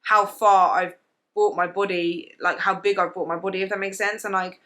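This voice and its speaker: A woman's voice: mid-range voice, little pitch movement, normal speed, pushed and bright. A young British woman telling a personal story to camera in a casual, emotional way, full of "like" fillers. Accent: British English. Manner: emotional, confiding, lots of "like" fillers. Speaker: vlogger.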